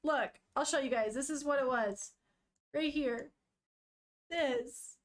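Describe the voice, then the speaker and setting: Reading a comic aloud on her stream, a young woman chats casually and emotionally, with an occasional swear. Her voice sits high, unhurried and full of pauses, in casual live-stream commentary.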